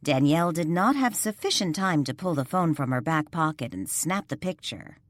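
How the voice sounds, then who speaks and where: A woman narrates a story in a low voice that moves animatedly up and down. Her reading is expressive and recorded dry and close. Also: normal speed, no echo. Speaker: audiobook narrator. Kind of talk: scripted narration.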